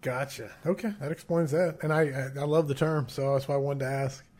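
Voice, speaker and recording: A man's voice: fairly high pitch, steady tone, fairly quick, darkish tone. A man hosting a podcast interview, asking questions in a laid-back manner. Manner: laid-back, brief affirmations. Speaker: podcast host.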